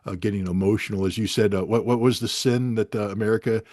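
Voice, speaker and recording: A man's voice: lowish voice, steady tone, quick pace, a little mellow, no echo, studio quality. A man speaking with frustration and emphasis on a talk show, often restarting his sentences. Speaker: guest commentator. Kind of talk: impassioned talk show discussion.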